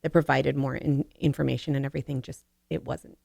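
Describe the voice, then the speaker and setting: A woman speaking as a podcast guest in a casual book discussion, thoughtful and measured as she works through her views. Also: extremely low pitch, little pitch movement, vocal fry, a little mellow, no room sound, studio quality.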